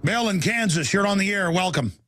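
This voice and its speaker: A male talk radio host delivering a fiery monologue, ranting and yelling insults in bursts, then rattling off a rapid sales pitch before taking callers. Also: lively intonation, soft background music.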